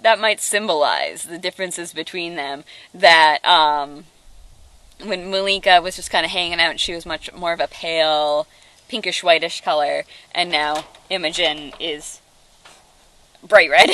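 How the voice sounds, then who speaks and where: Bright-voiced young woman chatting casually. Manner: chatty with many fillers, coos to the turkeys in a high sing-song. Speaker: animal sanctuary caregiver. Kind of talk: casual live-stream educational talk. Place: garden house at an animal sanctuary.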